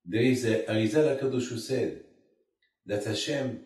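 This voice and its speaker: A man's voice: mid-range voice, normal speed, a little mellow, slight background noise. Man, rabbi, emphatic sermon, rhetorical questions, distant mic. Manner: emphatic, rhetorical questions, addresses listeners as "my friend". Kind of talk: Torah sermon. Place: community study hall. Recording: roomy, from far off the mic.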